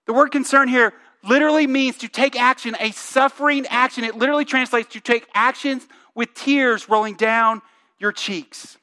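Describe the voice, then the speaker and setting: Male pastor, very high voice, bright tone, casual sermon delivery with rhetorical questions. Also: fairly even intonation, normal speed. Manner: conversational, asks the congregation questions; reads scripture aloud with emphasis.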